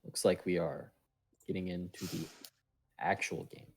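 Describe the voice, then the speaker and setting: A man's voice: low-pitched, flat delivery, unhurried, husky. A man casting an amateur esports match in a casual, playful way, tossing in jokey quips. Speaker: esports caster.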